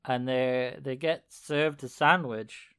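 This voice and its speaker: A man's voice: medium pitch, fairly even intonation, slow, a bit bright, smooth. A man casually recapping a video on a podcast, rambling with fillers and laughing often. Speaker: podcast co-host. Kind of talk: casual chat.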